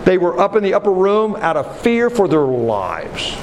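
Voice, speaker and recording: A man preaching a sermon, moving from low earnest talk to loud rising exhortation. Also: sing-song, normal speed, noisy background. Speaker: pastor.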